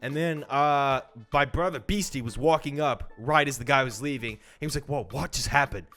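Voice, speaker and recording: A young man telling a childhood story to camera in a casual, animated way. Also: moderate pace, soft background music. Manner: animated, acts out quoted voices with big pitch jumps. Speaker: vlogger.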